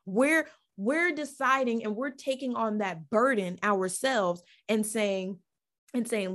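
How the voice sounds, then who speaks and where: A woman's voice: a little high, slow, a bit bright. A woman hosting a faith podcast, preaching with fervor, repeating phrases and restarting lines as her feeling builds. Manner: fervent, repeats phrases, stumbles over restarts. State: getting emotional. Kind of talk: impassioned Christian teaching.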